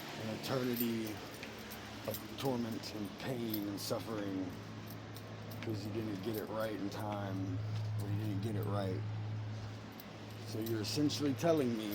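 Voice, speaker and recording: A man talking about his beliefs in a casual, earnest monologue that turns suddenly loud and high at times. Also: a little slow, long pauses, very noisy. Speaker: parent sharing personal beliefs.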